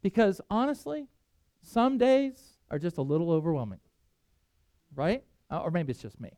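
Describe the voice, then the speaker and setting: High, smooth-voiced man preaching. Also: big pitch swings, moderate pace, mellow, dry recording, studio quality. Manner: earnest, conversational preaching with self-deprecating asides. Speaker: pastor. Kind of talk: sermon.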